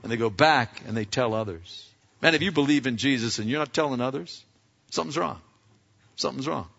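A male pastor preaching a lively sermon, acting out scenes and firing questions at his congregation. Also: mid-range voice, a little fast, creaky, slightly rough. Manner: animated, acts out scenes, asks the audience questions. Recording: echoey hall, dull lo-fi sound.

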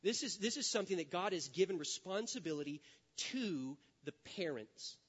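Animated preacher man, lo-fi sound. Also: high voice, normal speed, breathy edge. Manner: animated storytelling, acting out quoted voices. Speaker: pastor. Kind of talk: sermon. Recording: dull lo-fi sound.

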